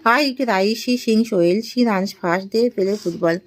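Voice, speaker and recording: Woman in her 20s reading drill sentences, slow and careful, one at a time. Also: medium pitch, low-quality recording. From India. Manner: slow, deliberate reading of short sentences with small laughs. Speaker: English tutor.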